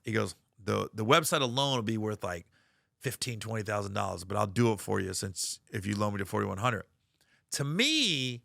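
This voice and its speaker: A middle-aged man telling a comic story about a friend who owes him money, animated and profane, acting out the other people's lines. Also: fairly low pitch, creaky, dry recording, clean studio sound. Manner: animated, profane, acts out quoted voices. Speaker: comedian. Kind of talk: storytelling comedy bit.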